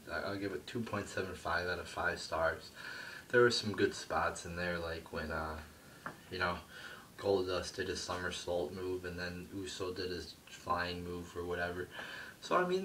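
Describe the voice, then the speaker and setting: A man's voice: low voice, bright, forceful tone, far from the mic, slight background noise, low-quality recording. A young man giving a profane, rambling review of a wrestling show, full of fillers and curses. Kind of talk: casual ranting review.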